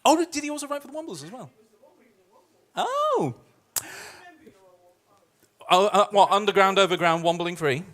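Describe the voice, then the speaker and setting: A Scottish man hosts a live musical theatre night at a music club, trading self-mocking, playful cabaret banter. His voice sits high and a bit bright, and he talks fast with few pauses.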